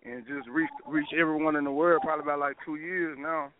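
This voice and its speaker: A man's voice: on the high side, level tone, a little fast, a little hiss or hum. A young man, a rapper guest talking casually and laid-back, full of "like" fillers. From Pine Bluff, Arkansas, US. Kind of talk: casual interview over phone. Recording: tinny phone line.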